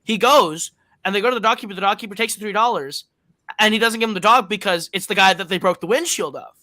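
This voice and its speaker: A man co-hosting a film podcast gives a casual plot recap and review, retelling a movie's story in a rambling way. He talks fast in a high, pushed, bright voice, correcting himself often and using lots of fillers, with no room sound.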